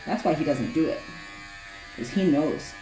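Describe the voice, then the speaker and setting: A woman with a low voice chats casually at home while grooming her dogs, teasing the dog and talking to viewers, sweaty from the work. She's animated and a little slow, with music playing underneath. The room is echoey, with a faint hum of clippers.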